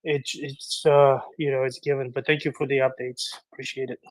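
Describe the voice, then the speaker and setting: A man speaking as a guest on a live online audio chat, loud and rambling. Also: medium pitch, flat delivery, fairly quick, dry recording, poor audio. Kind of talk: casual chat.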